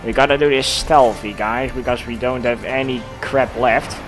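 A man giving casual, excitable gameplay commentary, swearing and laughing often. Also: mid-range voice, normal speed, over music. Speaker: let's play gamer.

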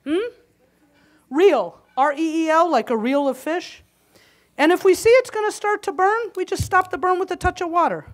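High-voiced woman, joking cooking demo. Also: expressive, a little fast. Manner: chatty and joking, talks to the audience while cooking. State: slightly winded. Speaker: cooking demonstrator. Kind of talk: live cooking demonstration. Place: conference hall kitchen stage.

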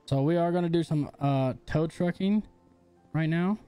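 Playful young dad streaming a game. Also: male voice, on the high side, moderate pace, dark tone, smooth, soft background music. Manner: playful, chatty, talks to his baby son and chat. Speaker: livestreamer and father. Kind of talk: casual gaming livestream chat.

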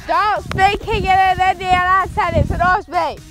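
A woman's voice: very high voice, a little slow, over music. A British female vlogger hosting a challenge outdoors in a park, filming on a phone and bossing her friends around. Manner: bossy, excitable, directing friends. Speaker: channel host. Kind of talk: casual challenge vlog.

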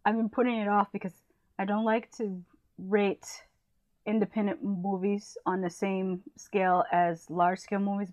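An American woman who reviews movies chats casually and enthusiastically, giving shout-outs to other channels. Her voice is medium-pitched, with no echo in the recording.

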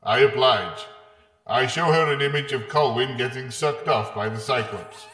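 A man tells an absurd villainous scheme with gleeful relish, and his voice is neither high nor low. The room around him is echoey, with a long tail of reverb after each phrase. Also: normal speed, music in the background. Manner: gleeful, playfully villainous storytelling. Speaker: podcast co-host. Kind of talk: comedic scheme narration.

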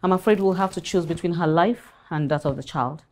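An actress playing a calm, grave hospital doctor. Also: female voice, fairly low pitch, brisk, lightly acted.

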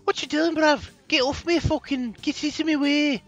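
A man putting on an exaggerated Cockney voice as a rowdy man yelling and swearing at rivals. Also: very high voice, steady tone, normal speed, lo-fi sound, faint music behind, pitched above the performer's own voice. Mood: aggressive. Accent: put-on Cockney.

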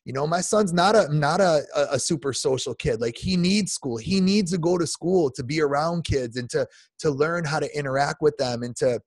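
A man's voice: a little high, moderate pace, dry recording. Fortyish male guest, emphatic impassioned rant, dry closely miked voice. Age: 40s. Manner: passionate, emphatic, many restarts and repeats. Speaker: podcast guest.

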